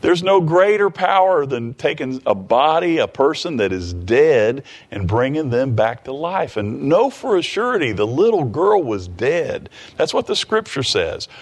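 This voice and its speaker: A male preacher delivering a sermon in a mid-range voice. He talks in a loose, conversational way, restarting phrases and tossing in quick asides as he retells the scripture. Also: medium pitch, big pitch swings.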